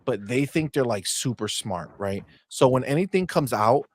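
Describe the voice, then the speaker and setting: A man hosting a casual gaming podcast, brash and profane, mocking people and sometimes breaking into loud shouts. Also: mid-range voice, lively intonation, normal speed. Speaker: podcast host.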